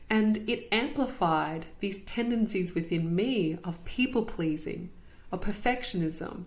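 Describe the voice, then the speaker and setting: Unhurried and medium-pitched, a female podcast host shares a personal story with earnest reflection, circling back to repeat phrases for emphasis.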